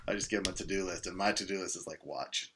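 Middle-aged man, low voice, joking casual chat, faint background hiss. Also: level tone, rapid-fire. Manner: joking, teasing questions.

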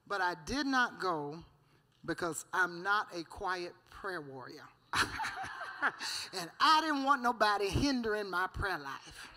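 A woman preaches her testimony in a bright, forceful voice. She speaks with fervor, tells her story and keeps breaking in with amen and hallelujah. She laughs often as she goes. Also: medium pitch, expressive, slow pace. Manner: fervent, punctuated with amen and hallelujah. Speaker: guest giving a church testimony.

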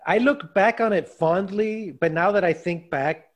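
Man with a slightly high voice. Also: measured pace. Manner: reacts with short exclamations. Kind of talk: casual chat.

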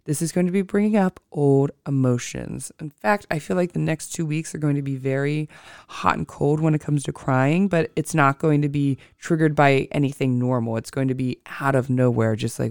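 An astrology podcast host talking casually on their own, slow and deliberate, thinking before each phrase and often correcting themselves mid-sentence. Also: medium pitch, gravelly, a little mellow, clean tone, no echo, clean studio sound. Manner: self-correcting, with frequent restarts. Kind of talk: casual solo podcast talk.

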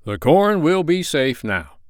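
A man voicing a jolly, brisk old Santa Claus in a storybook reading, talking loudly and heartily. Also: on the high side, big pitch swings, clear, resonant tone, dry recording, studio quality, voice pushed up. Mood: hearty. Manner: loud, hearty proclaiming.

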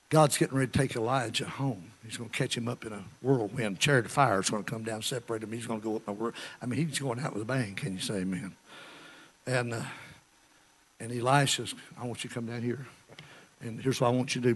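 A man preaching a storytelling sermon, acting out characters' voices and swinging from hushed asides to shouts. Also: medium pitch, breathy edge.

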